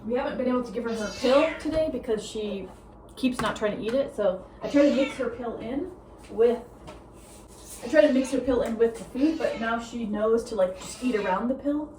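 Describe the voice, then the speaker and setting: A young woman vlogging casually at home, a self-described fast talker who rambles with many fillers. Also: fairly high pitch, background noise. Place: home with a meowing cat.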